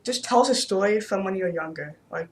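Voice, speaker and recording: A man's voice: high-pitched, expressive, fast talker. A young male interviewer in a casual chat, speaking hesitantly with lots of "like" and "um". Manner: hesitant, with many filler words.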